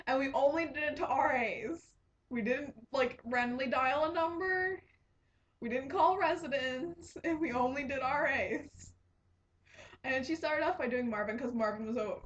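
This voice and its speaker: Giggly young woman on a lo-fi mic. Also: a little high. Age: young adult. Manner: giggly, rambling, restarts a lot. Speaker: podcast host and resident assistant. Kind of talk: casual storytelling podcast. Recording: dull lo-fi home recording.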